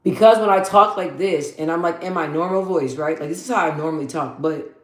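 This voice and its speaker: A woman vlogger with a deep, bassy voice chatting casually while doing her makeup, blunt and slangy, repeating phrases for emphasis like a motivational talk. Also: brisk. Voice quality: deep for her, in her own words. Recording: roomy echo.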